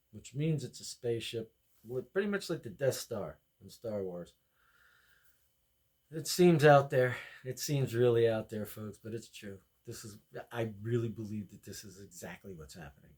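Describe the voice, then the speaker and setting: A man with a fairly low voice rambles through a comedy monologue. He talks with excitable energy and jumps from one tangent to the next. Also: breathy edge. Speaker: podcast host.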